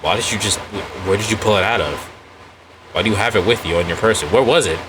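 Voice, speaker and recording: A man's voice: fairly low pitch, fast, background noise. A man streaming a game and chatting casually, joking around and swearing as he plays. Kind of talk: casual gameplay chat.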